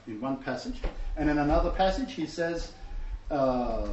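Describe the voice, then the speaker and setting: A man's voice: on the high side, very animated, measured pace. A man preaching a teaching sermon to a messianic congregation, emphatic and often asking the listeners rhetorical questions. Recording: distant, roomy, dull recording with faint background noise.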